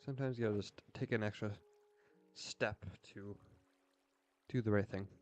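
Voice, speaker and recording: A young man with a fairly low voice chats casually while he plays, drifting from thought to thought in an earnest, rambling way. Faint game music sits quietly behind him. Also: fairly even intonation, moderate pace. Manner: earnest, rambling, with frequent "like" fillers. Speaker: streamer.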